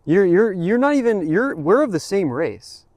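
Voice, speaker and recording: A man co-hosting a casual podcast, teasing his partner in quick banter. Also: high-pitched, very animated, a little mellow, no echo. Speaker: podcast co-host. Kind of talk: casual chat.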